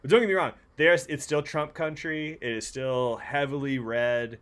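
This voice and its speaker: A man's voice: mid-range voice, steady tone, moderate pace, a bit bright, smooth. A man from the San Francisco area, co-hosting a casual chat show, rambling with lots of fillers, frequent swearing and laughter. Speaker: podcast co-host.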